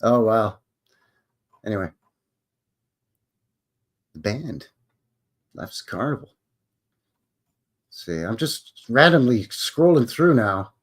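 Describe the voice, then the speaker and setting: Speaking slowly and pausing often, a Canadian man hosts a loose, meandering livestream Q&A full of jokes. His medium-pitched voice is expressive.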